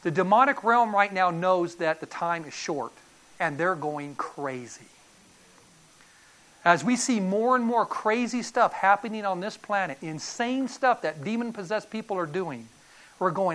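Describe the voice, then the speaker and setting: A woman's voice: lowish voice, lively intonation, a little slow. A woman preacher giving a sermon, telling the story dramatically and acting out voices.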